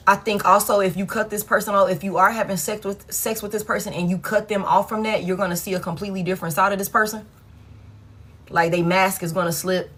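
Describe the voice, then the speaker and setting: A woman's voice: mid-range voice, steady tone, fast talker, a bit bright. A woman giving a casual live tarot reading, blunt and frank, swearing freely and repeating herself for emphasis. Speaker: tarot reader.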